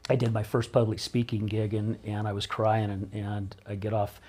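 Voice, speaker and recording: A man's voice: lowish voice, flat delivery, normal speed, darkish tone. A middle-aged man speaking as a podcast guest, talking openly and emotionally with frequent restarts. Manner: emotional, open, rambling with repeated starts. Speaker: podcast guest, recovery coach. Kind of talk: candid interview conversation.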